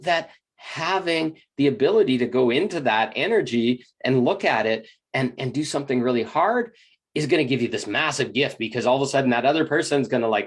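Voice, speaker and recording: A spiritual teacher giving a motivational talk, acting out inner voices with gasps and lively swings in tone. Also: medium pitch, a little fast, slightly rough.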